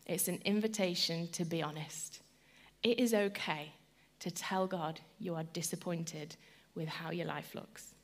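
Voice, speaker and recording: Woman speaker, devotional talk; earnest, personal, chatty delivery, mid-range voice. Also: medium pitch. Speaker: Christian speaker.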